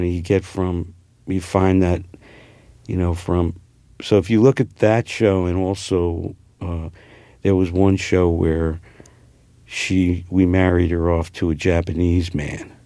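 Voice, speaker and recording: Man, New Jersey accent, gravelly, very deep voice, rambling interview talk, dry sound. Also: dark tone, no echo. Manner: rambling, many fillers and restarts. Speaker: actor guest.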